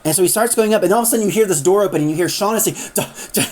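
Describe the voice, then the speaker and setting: A woman's voice: mid-range voice, rapid-fire, darkish tone. A woman casually retelling a story in a chatty way, acting out the characters as she goes.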